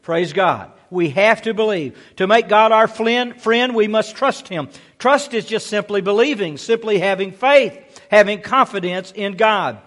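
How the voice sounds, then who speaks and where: A man's voice: high-pitched, a little slow, hardly any pauses, a bit bright, big-room sound. A male pastor preaching a sermon, exhorting his listeners with rhetorical questions and frequent "amen" calls.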